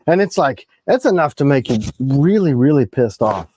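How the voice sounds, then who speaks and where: A man, hosting a casual knife livestream from a room at home, joking and swinging his pitch up and down. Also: sing-song, moderate pace, darkish tone, no echo. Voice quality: gravelly.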